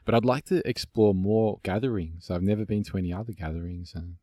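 A man from Australia hosting a casual podcast conversation, relaxed and reflective, with many fillers and restarts. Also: fairly low pitch, a little fast, no room sound, clean studio sound. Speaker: podcast host.

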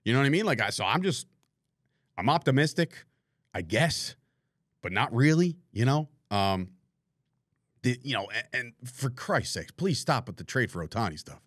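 Man, middle-aged, sports podcast host, exasperated, swears a lot, very animated, dry close mic. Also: medium pitch, normal speed, long pauses, no room sound. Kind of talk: casual live-stream sports rant.

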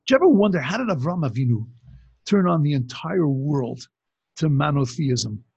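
A man with a very husky, gravelly voice, pitched a little high, gives a religious teaching talk. He tells stories in a loose, conversational way and often restarts his sentences. The recording is dry and dull, with a lo-fi sound. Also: animated, moderate pace, darkish tone, no echo. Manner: conversational storytelling with many restarts. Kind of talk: Torah class talk.

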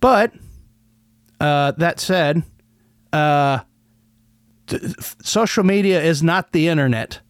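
Male podcast host, sardonic and rambling, smooth resonant tone. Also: fairly high pitch, slow, long pauses, dry recording, studio quality. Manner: rambling, many restarts, sardonic. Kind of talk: casual solo commentary.

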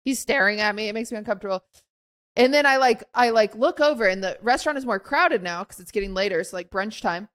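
In a casual podcast chat, this young female co-host tells a story quickly in a mid-range, slightly bright voice. She acts out the quotes and fills her speech with lots of fillers.

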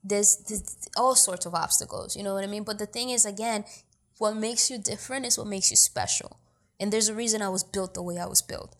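In a brisk, somewhat bright, medium-pitched voice, a young actor and producer from New York City talks as a guest in a casual interview. She's streetwise, blunt, and emphatic, with "you feel me" coming up again and again.

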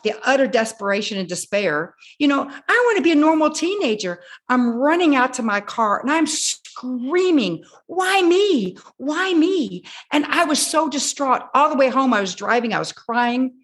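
A woman in her sixties, a guest telling her personal story with animated delivery, acting out her own past words. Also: high-pitched, a little fast, hardly any pauses. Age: 60s. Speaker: guest speaker.

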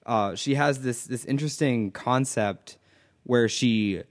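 A man co-hosting a podcast, chatting casually about an animated series, swearing freely and often restarting his thoughts. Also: mid-range voice, takes it slowly. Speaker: podcast co-host. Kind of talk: casual chat.

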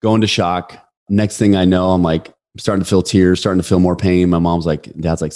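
A man in his forties, a podcast guest, telling a story in a casual interview, animated and acting out the quotes. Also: deep voice. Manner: animated, fast storyteller who acts out quotes.

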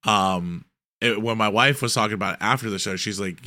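A man's voice: fairly low pitch, a little fast, bright, forceful tone, dry recording. A man co-hosting a casual podcast, laying out a fan theory in a rambling way. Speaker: podcast co-host. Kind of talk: casual recap chat.

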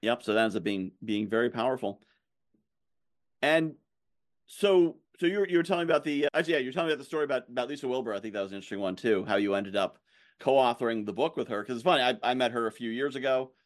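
A man hosts an interview podcast, talking fast and with animation. His voice sits in a mid range, and he piles restarts into quick runs of speech. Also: mid-range voice. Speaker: podcast host. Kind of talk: interview conversation.

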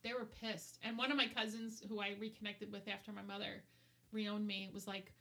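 A middle-aged woman telling a candid personal story as an interview guest, animated and acting out what others said. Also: mid-range voice, moderate pace, vocal fry. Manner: animated, acts out quoted voices.

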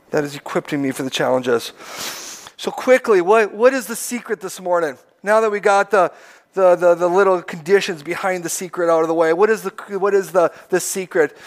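A man preaching a sermon as pastor, earnest, asking many questions and often repeating words. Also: sits high.

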